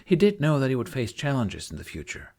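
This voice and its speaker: A man narrating a fan audiobook chapter in a measured storytelling manner. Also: mid-range voice, wildly swooping pitch, gravelly, mellow.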